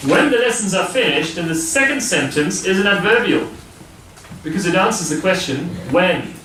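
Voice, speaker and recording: Guy lecturing a class, kinda high voice, far off in a big echoey room. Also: animated, moderate pace, pushed and bright. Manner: explaining step by step, asking the class questions. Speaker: university lecturer. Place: lecture hall. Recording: distant voice in a noisy, echoey lecture hall.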